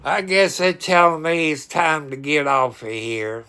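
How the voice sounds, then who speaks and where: Slow, bright-voiced man chatting. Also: fairly high pitch, animated, smooth. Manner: talks to his cats, sometimes scolding loudly. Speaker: livestreamer. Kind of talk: casual chat.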